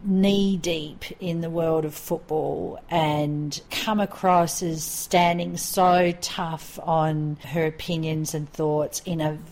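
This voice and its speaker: A woman's voice: deep voice, steady tone, darkish tone. Chatty woman co-hosting a podcast. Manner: chatty, enthusiastic, quick asides. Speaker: podcast co-host. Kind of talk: casual podcast chat. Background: call to prayer in the background.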